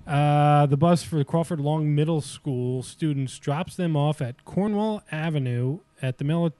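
A man's voice: fairly high pitch, a little slow, warm tone, smooth, no echo. A man co-hosting a casual comedy podcast, reading news stories aloud and mocking them.

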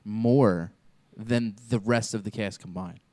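A man's voice: on the low side, slow, warm tone, no echo. A man in a casual podcast chat, talking hesitantly with many fillers.

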